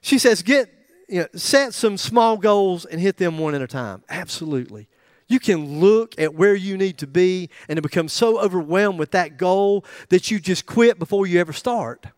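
A man's voice: high voice, lively intonation, moderate pace, dry recording, clean studio sound. A middle-aged man preaching a sermon in a joking, conversational way, with asides to the congregation. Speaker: pastor.

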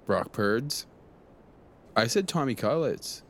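A man's voice: medium pitch, animated, slow, fairly bright tone, slight background noise. A man co-hosting a casual podcast, joking around and swearing casually. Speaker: podcast co-host. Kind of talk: casual chat.

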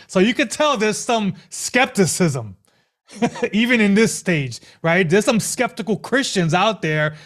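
High-voiced man preaching a sermon. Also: normal speed. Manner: animated preaching with rhetorical questions and repetitions. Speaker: pastor.

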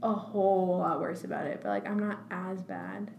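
A woman's voice: lowish voice, steady tone, normal speed, vocal fry, dull audio. A young woman chatting casually and reading quiz options aloud with a rising lilt. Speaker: quiz co-host. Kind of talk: casual chat. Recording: roomy with faint noise.

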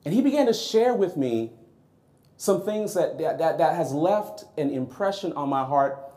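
Guy preaching, telling a story from his life, chatty and animated, voice a bit on the high side. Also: measured pace. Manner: lively, conversational, acts out his own reactions. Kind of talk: storytelling sermon.

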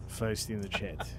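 A man putting on a hammy, excitable Italian-accented character with broken grammar for laughs on a podcast. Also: on the low side, background noise, voice pushed down, full character voice. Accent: put-on Italian. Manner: broken grammar, drawn-out teasing.

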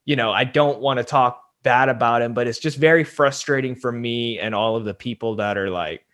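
A man's voice: medium pitch, brisk, fairly bright tone. A young man talking casually on a podcast, rambling with lots of fillers and speaking frankly. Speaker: podcast host, guest.

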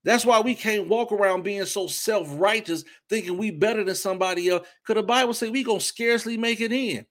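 A man preaching a fervent testimony sermon, with sudden loud bursts of praise between softer reflective stretches. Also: sits high, brisk, few pauses. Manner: shifts between soft reflection and shouting. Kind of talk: impassioned sermon.

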